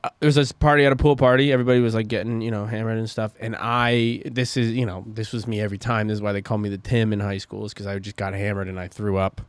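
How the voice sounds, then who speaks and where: A young man co-hosting a podcast, talking in loose, rambling stories packed with fillers and swearing. His voice sits on the low side, and the close mic is completely dry, with no room sound around him. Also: flat delivery, fast talker, smooth, no echo. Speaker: podcast co-host. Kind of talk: casual chat.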